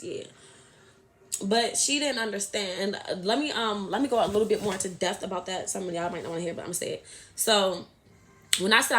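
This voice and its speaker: A young woman vlogger telling a storytime tale, animated and profane, acting out what others said. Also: mid-range voice, a little fast. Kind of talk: storytime vlog.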